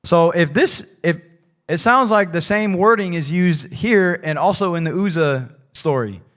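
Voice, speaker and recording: Casual higher-pitched male preacher. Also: expressive, measured pace, a bit bright. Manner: casual, rambling, peppered with "like" and "right?". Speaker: pastor. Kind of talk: conversational sermon. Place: church.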